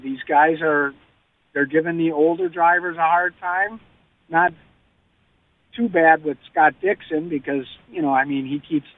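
A man calling in to a radio show as a racing reporter, chatting in a lively way and laughing easily. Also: a little high, no room sound. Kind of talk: phone-in radio chat. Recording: tinny phone line.

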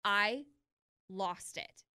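A young woman co-hosting a casual chat, telling a story with lively acted-out quotes. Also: drawn-out words, smooth, no room sound, studio quality. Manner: animated storyteller, acts out quotes with big pitch jumps.

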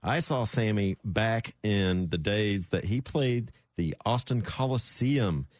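A man with a fairly low voice co-hosts a radio show, settling into folksy stories and speaking in a relaxed, chatty way. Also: slow pace, no room sound. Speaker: radio co-host. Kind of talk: casual radio chat.

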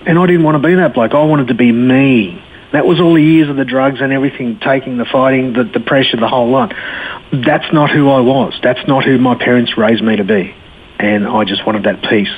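A man's voice: medium pitch, normal speed, husky. A man, giving a blunt, earthy personal testimony in casual conversation. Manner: blunt, earthy storytelling with slang. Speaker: interview guest. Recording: phone line with faint noise.

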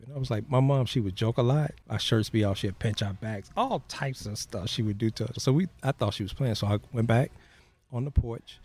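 On a podcast, a man with a deep, mellow voice tells the story of his life, interview style. His delivery is sincere and straightforward, and he slips into the voices of the people he describes.

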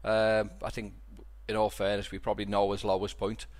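A man's voice: lowish voice, monotone, brisk. A middle-aged man with a Liverpool accent, hosting a podcast and telling stories in a rambling, casual way with many restarts. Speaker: podcast host. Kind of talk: casual chat.

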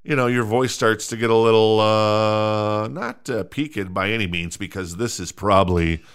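A man's voice: lowish voice, normal speed, fairly bright tone, smooth. A middle-aged man hosting a podcast alone, rambling casually with lots of fillers, restarts and jokes at his own expense. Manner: rambling, self-mocking, many fillers and restarts. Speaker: podcast host. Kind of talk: casual solo podcast chat.

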